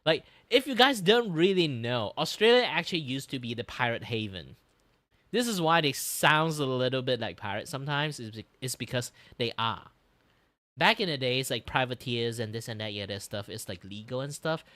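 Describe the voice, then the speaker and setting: Streamer, casual reaction chat, rambling, lots of fillers, lively pitch, dry sound. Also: normal speed, no echo. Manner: rambling, heavy use of "like" fillers.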